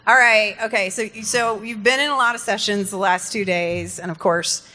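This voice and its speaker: A woman co-presenting a comedic conference session, quick to agree and chip in with asides. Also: mid-range voice, steady tone, bright, forceful tone, big-room sound.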